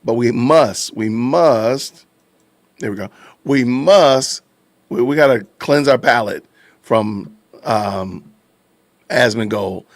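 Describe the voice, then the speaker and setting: A man hosting a podcast livestream, reacting to clips and thanking viewers in animated, casual talk. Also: medium pitch, slow, pauses often, no room sound. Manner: animated, addresses chat casually. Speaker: podcast host. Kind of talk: livestream commentary.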